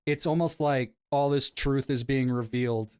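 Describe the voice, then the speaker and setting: A man's voice: medium pitch, fairly even intonation, moderate pace, a little mellow, smooth. Laid-back male podcast host. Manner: laid-back, rambling with fillers. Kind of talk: casual chat.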